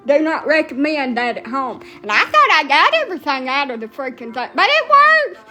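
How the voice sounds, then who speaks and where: This vlogger is a middle-aged woman from Alabama whose Southern-accented, casual rambling chat is salty, blunt, profane and full of laughs at her own expense. She sits high in pitch and talks briskly in a sing-song, pushed, bright way, with faint background music.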